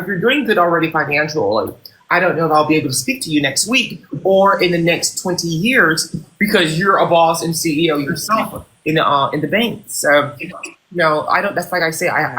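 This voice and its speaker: A livestream host plays a CEO and boss in a role-play job interview, his voice bright and a little high. He's mock-formal and unhurried, slipping into thanking viewers, in a roomy echo with faint clicks.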